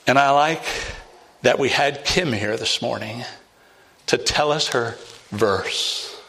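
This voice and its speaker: A man's voice: medium pitch, takes it slowly, bright, forceful tone. A man preaching an evangelistic sermon, pressing listeners with direct questions and rising to emphatic peaks.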